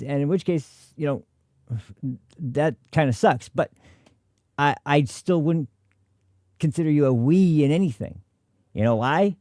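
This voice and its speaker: A man's voice: medium pitch, warm tone, no room sound, clean studio sound. An American man hosting a political livestream, reacting to clips in an angry, profane rant. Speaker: political commentary host.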